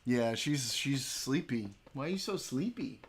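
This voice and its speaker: Chatty livestreamer with a lively, swooping voice. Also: mid-range voice, measured pace, slight background noise. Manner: chatty, coos baby talk to a pet; filler-heavy. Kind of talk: casual livestream chat.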